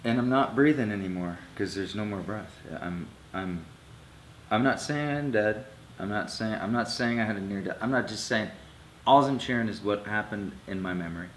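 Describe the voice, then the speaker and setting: A man in his thirties, an interview guest, telling an emotional personal story, his voice swinging between loud bursts and hushed low lines. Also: normal speed, slight background noise. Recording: echoey room with faint ambience.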